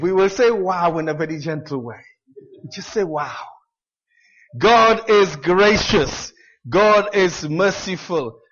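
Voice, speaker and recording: Male preacher, high voice, chatty and self-deprecating, dull lo-fi church recording. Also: a bit bright, breathy edge. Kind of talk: sermon.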